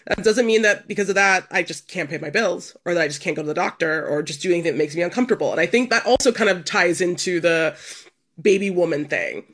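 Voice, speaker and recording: A woman's voice: on the low side, fast, fairly bright tone. Frank, opinionated woman culture critic. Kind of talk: casual podcast discussion.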